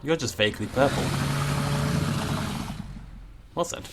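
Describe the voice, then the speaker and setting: A man's voice: mid-range voice, fast talker, heavy background noise. A man giving casual, self-mocking commentary while building a park in a game, chatty with jokey asides. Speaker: gaming YouTuber.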